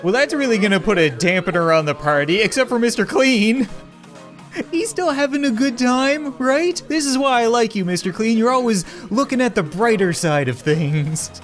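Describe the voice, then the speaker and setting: A young man giving comedic, excitable commentary on a life-sim game, often laughing and exclaiming. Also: extremely high pitch, moderate pace, soft background music. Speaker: gaming YouTuber.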